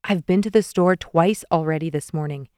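A woman's voice: low voice, normal speed, a little mellow, clear, resonant tone, dry recording, natural voice. A woman reading as a teasing, weary young man. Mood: mild exasperation. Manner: dry, teasing.

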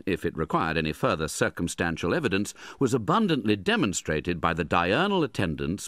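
A man narrating a classic novel as an audiobook, measured and expressive. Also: deep voice, dry recording.

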